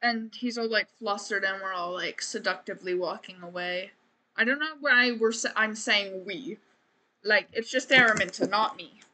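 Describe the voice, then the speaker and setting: A woman's voice: mid-range voice, moderate pace, pushed and bright, slight background noise. A woman streamer giving casual, chatty, self-deprecating commentary while she plays a life-sim game. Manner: chatty, self-deprecating, says "man" and "frickin'" a lot.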